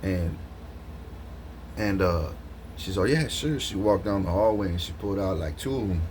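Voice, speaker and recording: Vlogger guy, lowish voice, rambling and slangy, laughs a lot, faint hiss behind. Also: moderate pace. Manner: animated, laughs often, slangy, lots of restarts. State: just woke up from a nap. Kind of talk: rambling casual monologue to camera.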